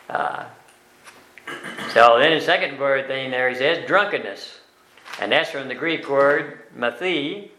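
An older man leading a Bible study class, explaining verses word by word in a plain, folksy way with many pauses and fillers. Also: mid-range voice, pushed and bright. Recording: echoey room.

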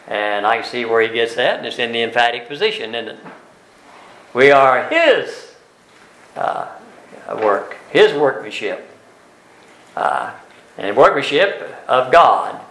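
A man leads a Bible class lesson at a slow, deliberate pace, often pausing on fillers and closing points with tag questions. His voice sits at a middling pitch and carries a roomy echo. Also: a bit bright. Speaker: Bible teacher.

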